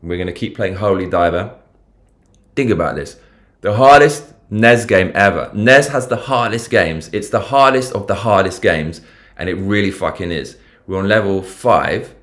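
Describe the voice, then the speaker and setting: At normal speed, a man with a deep, animated, slightly bright voice and a London English accent hosts a casual livestream. He talks over the news and reads viewer comments, rambling, slangy and freely profane.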